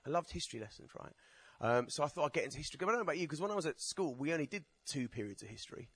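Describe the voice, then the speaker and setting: A man's voice: on the high side, lively intonation, racing, a bit bright, breathy edge. Chatty self-mocking man. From Essex, England. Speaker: stand-up poet. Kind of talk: stand-up comedy with poetry performance.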